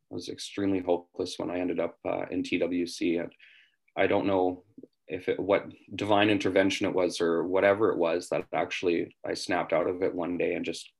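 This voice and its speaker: A man's voice: low voice, gravelly, darkish tone, low-quality recording. A man from western Canada telling his own story in an interview, candid and earnest. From West Kootenays, British Columbia, Canada. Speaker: interviewee in addiction recovery. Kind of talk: reflective interview answers.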